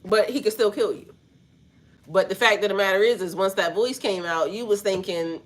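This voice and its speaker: A woman's voice: medium pitch, normal speed. Woman spiritual coach, stuffy-nosed, loose and slangy, swears casually. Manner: rambling, slangy, swears freely. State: stuffy, snotty nose. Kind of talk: casual spiritual talk to viewers.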